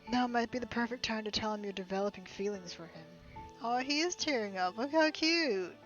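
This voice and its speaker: A woman's voice: a little high, lively intonation, brisk, a bit bright, lo-fi sound, soft background music. A young woman streaming a game, reading it aloud and reacting with incredulous, laughing, sweary remarks.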